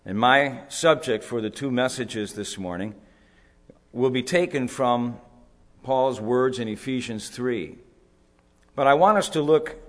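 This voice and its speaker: A male pastor with a medium-pitched voice preaches a sermon at a conference, explaining scripture deliberately and building to emphatic rises. The recording carries a long hall reverb.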